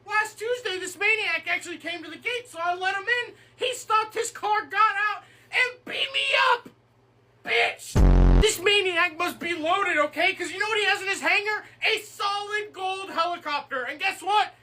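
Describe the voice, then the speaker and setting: A woman voicing a fed-up airport worker who rants indignantly in a comedy skit. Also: moderate pace. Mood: exasperated. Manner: ranting, indignant, high and animated. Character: fed-up put-upon airport worker, whiny and exasperated. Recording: distant mic with noise.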